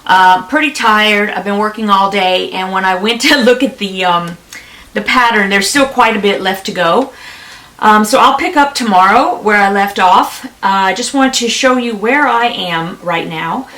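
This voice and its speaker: A woman's voice: medium pitch, moderate pace, fairly bright tone, distant mic. Chatty woman sewing-along on camera. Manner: chatty, many ums, laughs at herself. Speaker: quilting vlogger. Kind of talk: casual sewing tutorial chat.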